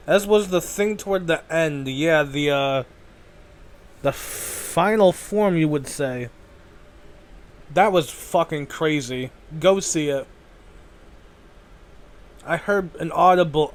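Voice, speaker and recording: A man's voice: mid-range voice, unhurried, pauses often. A man hosting a casual solo podcast, rambling and correcting himself, swearing now and then. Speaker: podcast host.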